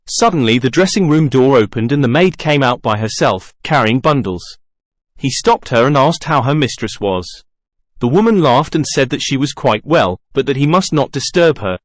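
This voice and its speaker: A man reading a classic novel aloud as a narrator, in an even, measured way with little character acting. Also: mid-range voice, no room sound, studio quality. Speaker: audiobook narrator. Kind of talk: scripted narration.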